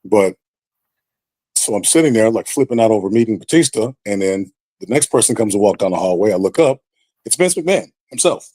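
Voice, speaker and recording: A man with a low, mellow voice tells a story on a podcast, casual and animated, and he puts on lively voices for the people he quotes. The sound is dry and close. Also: brisk, dry recording. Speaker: podcast guest.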